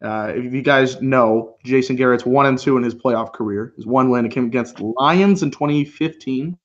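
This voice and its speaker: A man's voice: medium pitch, normal speed, dull audio. A man co-hosting a live football reaction stream, chatting casually and calling plays as they happen. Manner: relaxed, laughs often, calls plays as they happen. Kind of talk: casual live play-by-play chat.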